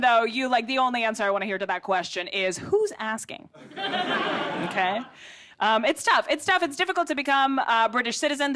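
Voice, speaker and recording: A woman with an American accent performing a stand-up set on a theatre stage, delivering sardonic, deadpan asides to the audience. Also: fairly high pitch, a little hiss or hum. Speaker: stand-up comedian.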